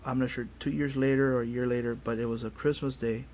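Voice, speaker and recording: A man tells his story in a radio studio, at an ordinary mid pitch. He talks casually and animatedly, putting on the voices of the people in his story. A faint hiss sits under his voice. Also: fast. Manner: animated, acts out family dialogue. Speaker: paranormal investigator, studio guest.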